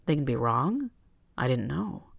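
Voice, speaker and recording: A reader voices a calm, kind man who talks gently. The tone is a touch gravelly at a middle pitch, close and dry. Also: a little slow, no room sound, heavily acted. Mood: gentle.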